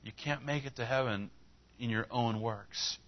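A man's voice: mid-range voice, a little slow, dull audio. A man preaching a sermon as pastor, telling a story in a conversational way and retelling dialogue with rising emphasis.

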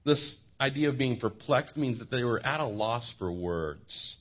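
A man preaching a sermon as pastor, animated, with joking asides and repeated words, on a dull lo-fi recording. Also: mid-range voice, measured pace.

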